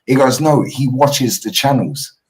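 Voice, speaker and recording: A man with a London accent hosting a casual football stream, telling stories in animated slang with plenty of swearing. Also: medium pitch, measured pace, far from the mic, low-quality recording. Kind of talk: casual chat.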